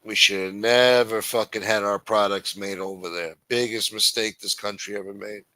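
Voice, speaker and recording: A man's voice: fairly low pitch, steady tone, moderate pace, sharp tone, no room sound, rough recording. A man hosting a livestream, ranting in an angry, profane, blunt manner. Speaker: host. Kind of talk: livestream political rant.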